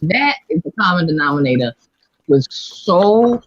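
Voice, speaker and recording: A woman hosting a casual group chat, speaking emphatically and agreeing quickly. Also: lowish voice, very animated, husky, no room sound. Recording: dry, dull lo-fi audio.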